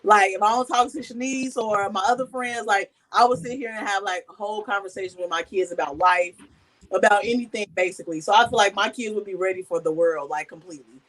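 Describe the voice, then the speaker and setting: A woman sharing a personal story in casual talk, animated and acting out the voices she quotes. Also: medium pitch, quick pace, rough recording. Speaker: guest.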